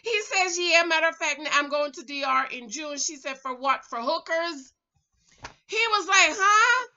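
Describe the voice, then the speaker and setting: A high, very lively woman recaps a reality show with sass and drama, her voice swinging between hushed asides and shouted outbursts. Her tone is sharp and bright, and the recording sounds a little dull and lo-fi. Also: normal speed. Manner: animated and sassy, breaks into loud exclamations.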